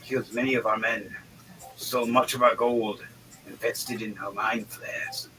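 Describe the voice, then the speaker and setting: A man voicing a gruff older male dwarf lord who smokes a pipe, talking bluntly and slowly. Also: lowish voice, steady tone, sharp tone, a little hiss or hum, low-quality recording. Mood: grave.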